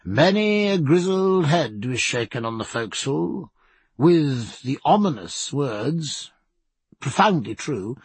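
A man narrating an audiobook, telling the story in a measured, expressive way. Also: medium pitch, gravelly, breathy edge, no room sound. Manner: measured storytelling with lively, varied intonation.

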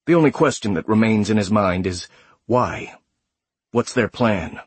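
A man reading a sci-fi horror story aloud in a measured, graphic storytelling manner. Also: fairly low pitch, lively intonation, no room sound. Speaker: narrator. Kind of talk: scripted audiobook narration.

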